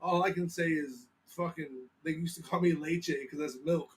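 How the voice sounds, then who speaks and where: A man's voice: fairly high pitch, fairly even intonation, moderate pace, over a noisy crowd. A man co-hosting a podcast, trading jokes in casual crude banter. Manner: joking, puts on silly mock accents. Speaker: podcast co-host.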